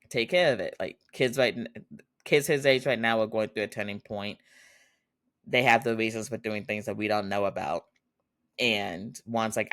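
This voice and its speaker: A man's voice: lowish voice, a bit bright, no echo, studio quality. A man hosting a podcast, casually recapping a drama episode, laughing often and acting out the characters' lines. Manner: chatty, laughs often, acts out quotes. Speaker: podcast host.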